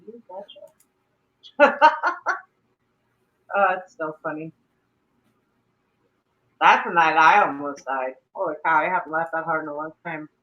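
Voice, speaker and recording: A middle-aged woman hosting a casual live stream, chatty and quick to laugh. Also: deep voice. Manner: laughs often, chatty and animated. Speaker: livestream host. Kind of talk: casual chat. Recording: dull lo-fi stream audio.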